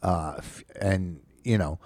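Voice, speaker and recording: A man co-hosting a casual podcast, rambling and swearing freely as he tells a story. His voice sits fairly low and sounds dry and close, with no room echo. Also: slow, a little mellow. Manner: profane, indignant, rambling storyteller. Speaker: podcast co-host.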